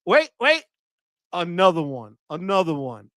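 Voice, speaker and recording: Male live stream host, high and bright-toned, dry close sound, energetic shout-outs to viewers. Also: moderate pace, no echo. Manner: enthusiastic, shouts "wepa" often.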